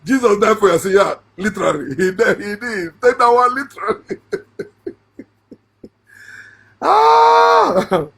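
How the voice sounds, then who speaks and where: This online Bible commentator, a middle-aged Nigerian-accented man, speaks fairly quickly in a high, gravelly voice with a breathy edge. His mocking take on scripture is full of sarcasm and laughter, climbing into shouts.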